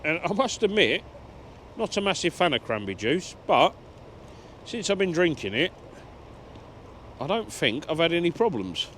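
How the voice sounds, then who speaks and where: Chatting in his truck cab, an English lorry driver vlogger reads viewer comments aloud, rambling and poking fun at himself. His voice is on the high side with big pitch swings and a fairly bright tone, at normal speed with frequent pauses, and there's a little hiss or hum.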